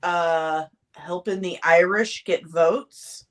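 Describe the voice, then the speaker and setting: A woman's voice: lowish voice, slow pace. Blunt Midwestern woman in her forties. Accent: Midwestern American. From Missouri, United States. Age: 40s. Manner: blunt and frank, swears freely. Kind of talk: casual chat.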